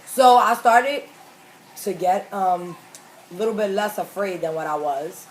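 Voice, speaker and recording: A woman hosting a mukbang, telling a story in a casual, animated, slangy way and acting out the quoted lines. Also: medium pitch, measured pace, a little hiss or hum, rough recording. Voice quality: animated, emphatic, slangy retelling with acted-out quotes. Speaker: mukbang host. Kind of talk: casual storytelling while eating.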